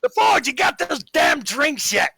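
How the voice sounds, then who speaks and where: A man voicing a jovial bearded male tavern keeper who talks loudly and heartily across the bar. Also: high voice, sing-song, measured pace, creaky, no room sound, voice pushed up, exaggerated voice. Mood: chatty.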